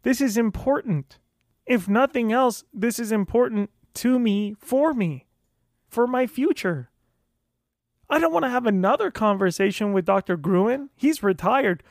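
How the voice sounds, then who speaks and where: A man's voice: sits high, no room sound, clean studio sound. A man hosting his own podcast, delivering a profane, fired-up pep talk to himself in a monologue, often stumbling over and repeating words as he pushes on. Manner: profane, fired-up self-motivating rant; repeats and restarts words when worked up. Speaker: podcast host.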